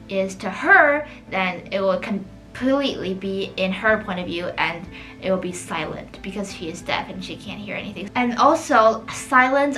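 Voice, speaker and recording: Drawing as she talks, a chatty art vlogger discusses a film in a medium-pitched voice, with "like" turning up in nearly every sentence. Soft music runs in the background of this poor-quality audio.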